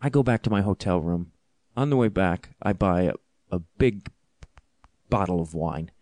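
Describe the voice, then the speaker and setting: A man hosting a podcast, telling a comic story in an animated, self-deprecating way, laughing often. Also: deep voice, normal speed, dry recording, studio quality. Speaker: podcast host and comedian.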